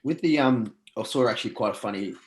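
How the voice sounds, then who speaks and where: A man's voice: medium pitch, lively intonation, fast talker. A man co-hosting a podcast, asking questions in a curious, rambling way. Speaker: podcast co-host. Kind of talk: casual chat.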